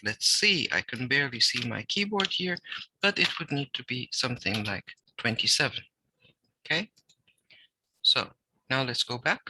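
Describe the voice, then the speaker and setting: Bright-voiced man explaining typography. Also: mid-range voice, lively intonation, breathy edge, rough recording. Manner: explanatory, reads text aloud with deliberate pauses and emphasis. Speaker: typography teacher. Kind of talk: recorded design lecture.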